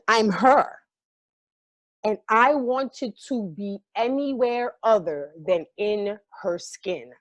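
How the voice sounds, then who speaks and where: Speaking as a guest, a woman from New York who acts on stage tells a story casually, full of vivid detail, swearing and open emotion. She has a mid-range voice on a dry recording.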